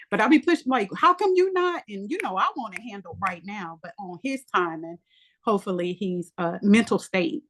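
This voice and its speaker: A married woman with children in a Bible study group, telling animated, colloquial stories in a casual discussion. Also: lowish voice.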